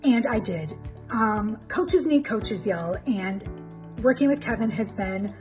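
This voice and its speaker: A woman's voice: mid-range voice, lively intonation, takes it slowly, a little mellow, faint music behind. A woman giving an emotional, grateful testimonial about her coach. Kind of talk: recorded testimonial.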